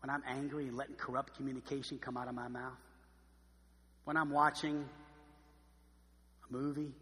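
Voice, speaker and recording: A man preaching a sermon as pastor, emphatic and swinging from quiet, slow stress to loud emphasis. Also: mid-range voice, big-room sound.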